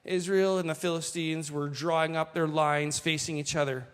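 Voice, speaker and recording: Male pastor, high-pitched, animated sermon delivery, reverberant hall. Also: clear, resonant tone. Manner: animated, slows for quoted lines, asides to the congregation. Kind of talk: sermon reading and commenting on scripture.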